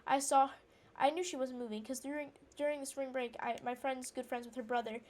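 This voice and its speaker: Breaking off to react to the game she's playing, this woman rambles through an indignant personal story packed with fillers and restarts. Her voice sits high and a little mellow, with fairly even intonation and a brisk pace, in a casual storytelling chat.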